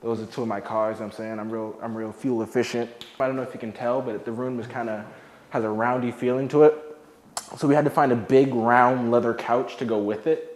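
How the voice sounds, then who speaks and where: A man's voice: mid-range voice, steady tone, brisk. A young man who was once homeless, chatting casually and jokingly as he gives a tour of his apartment. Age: young adult. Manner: chatty, laid-back, jokey, with many "like" fillers. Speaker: formerly homeless youth. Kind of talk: casual home tour talk. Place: his own apartment, indoors.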